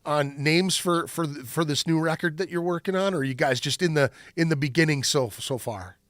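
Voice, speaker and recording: A man's voice: a little high, a bit bright, no echo. Laid-back male podcast host, dry sound. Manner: halting questions with stumbles and fillers. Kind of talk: casual interview chat.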